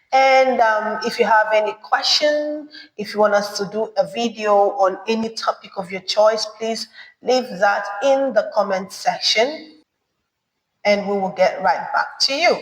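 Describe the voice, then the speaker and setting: A woman teaching a beginner French lesson, saying each phrase slowly and then repeating it. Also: mid-range voice. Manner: slow, careful repetition of phrases. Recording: echoey room with long reverb.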